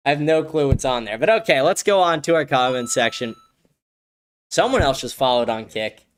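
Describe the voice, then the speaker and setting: A young man hosting a casual livestream from home, blunt and profane, ranting and breaking into excited shouts. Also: mid-range voice, moderate pace. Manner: animated, bursts of excited shouting. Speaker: livestream show host. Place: home, with a dog nearby.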